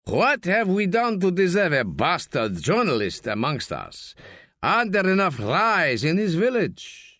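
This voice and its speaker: A rowdy middle-aged villager jeers at the strangers in the bar, his voice pushed up high and loud, as a male narrator voices him. He sounds teasing and scornful. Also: huge pitch swings, measured pace, no echo, studio quality, exaggerated voice. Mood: mocking.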